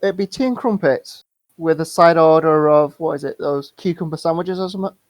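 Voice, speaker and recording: A man's voice: a little high, fairly quick, no echo. A man from England co-hosting a casual gaming podcast, laid-back and laughing along. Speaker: podcast co-host. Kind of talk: casual chat.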